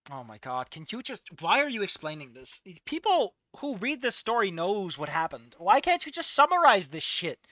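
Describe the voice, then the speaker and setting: A woman casually reacting to a fanfic, exasperated and swearing freely, yelling at the characters, laughing often and trailing off into low mutters. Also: sing-song, normal speed, few pauses, no echo. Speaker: fanfic reader and commentator.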